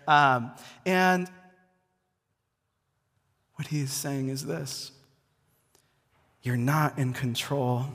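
A male pastor giving a conversational sermon to a congregation, talking casually and often restarting his words. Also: mid-range voice. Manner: relaxed, repeats words as he restarts, addresses the congregation directly. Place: church before a live congregation. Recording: long hall reverb.

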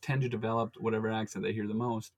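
Husky guy, blunt and jokey, swears a lot, argues back, casual podcast chat. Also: on the low side, level tone, quick pace. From Minnesota. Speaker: podcast co-host.

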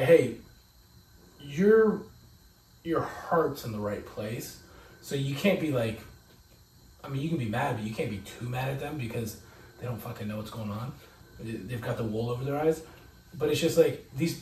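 Mellow-voiced, rambling man in echoey room. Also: fairly high pitch. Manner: rambling, profane, filler-heavy. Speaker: podcast guest. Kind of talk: casual podcast chat. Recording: echoey room, mic at a distance.

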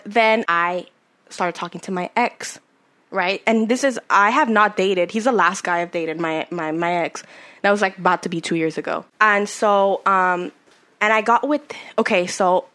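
Young woman just chatting, super candid, rambly, swears a lot, middle-pitched voice. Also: a bit bright. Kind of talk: casual chat.

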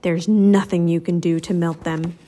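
A woman's voice: on the low side, level tone, moderate pace, dark tone, voice pushed down, natural voice. A woman voicing a gloating, cackling male villain professor from a storybook.

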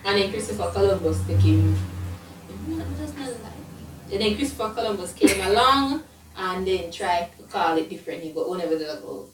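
A woman's voice: mid-range voice, lively intonation, normal speed, recorded from a distance. A young Jamaican woman co-hosting a podcast in casual chat, joking and trailing off as she talks. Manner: chatty, joking asides, trails off. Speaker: podcast co-host. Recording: roomy, set back from the mic.

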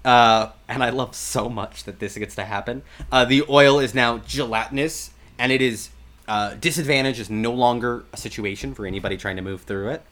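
A man's voice: medium pitch, moderate pace, fairly bright tone. A man narrating a tabletop game as game master, casual and rambling with many fillers.

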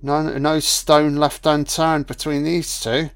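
A man's voice: a little high, flat delivery, slow pace, fairly bright tone, no echo. A man giving casual, irreverent film commentary, sarcastic and swearing constantly. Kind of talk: casual profane movie commentary.

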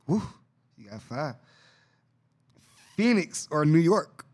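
A man rambles through a casual podcast chat with an excitable, slangy delivery. He repeats his points again and again as he argues them. His voice sits a little on the higher side. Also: takes it slowly. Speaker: podcast host.

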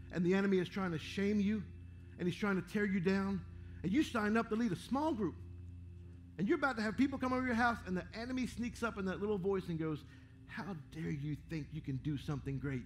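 A man's voice: high-pitched, fairly bright tone, a little hiss or hum. A man preaching a sermon as pastor, calling out to the congregation with rising fervor between quoted verses. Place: church sanctuary.

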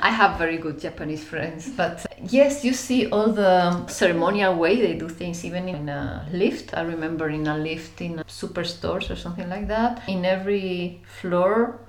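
Woman from Spain, lively storyteller. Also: fairly low pitch, normal speed, hardly any pauses, roomy sound. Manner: animated, laughing, acts out scenes. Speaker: interview guest. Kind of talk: reflective storytelling.

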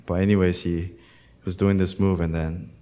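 Deep-voiced pastor preaching plainly. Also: male voice, little pitch movement, normal speed, mellow. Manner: conversational preaching with storytelling asides. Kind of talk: sermon.

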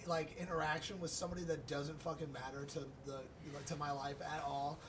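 A man's voice: flat delivery, a little fast. A man in casual podcast chat, talking in a loose, reflective way with many fillers. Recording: noisy with low rumble, distant from mic.

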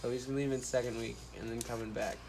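A man's voice: mid-range voice, little pitch movement, fast, crowd noise. A young man hosting a casual podcast from a cabin in the woods, loose and joking, with many restarts. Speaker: podcast host.

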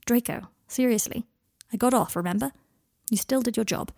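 A woman voicing a kind, earnest young male wizard who speaks gently and reassuringly. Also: a little high, moderate pace, gravelly, no echo, studio quality.

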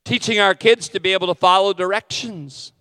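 Self-mocking pastor with a smooth voice. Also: male voice, high voice, fairly even intonation, a little fast, bright, forceful tone, studio quality. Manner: candid, self-deprecating asides. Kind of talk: sermon. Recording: long hall reverb.

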